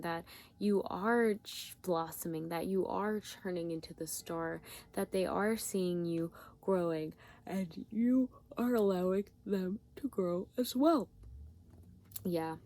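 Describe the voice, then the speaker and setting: Gentle, searching woman reading tarot. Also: on the low side. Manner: gentle, repetitive, searching phrasing with many fillers. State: yawning, tired. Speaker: tarot reader.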